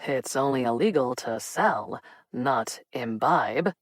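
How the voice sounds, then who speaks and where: Woman voicing a smug young male playboy, slow theatrical drawl, low voice, dry close audiobook sound. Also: animated, no echo, full character voice. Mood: breezy. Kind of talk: audiobook character reading.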